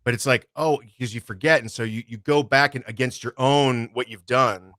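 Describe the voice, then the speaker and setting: A man who narrates audiobooks, talking in a relaxed, rambling way as a podcast guest and swearing freely. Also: mid-range voice, moderate pace, dry recording, clean studio sound. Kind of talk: casual podcast chat.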